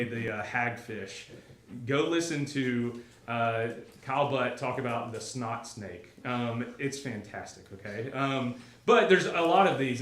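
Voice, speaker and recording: A man teaches a class in a casual, talkative way, asking his listeners questions as he goes. His voice sits at a middle pitch. The room is echoey. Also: a bit bright. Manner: conversational, asks the class questions, many fillers. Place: classroom or church hall.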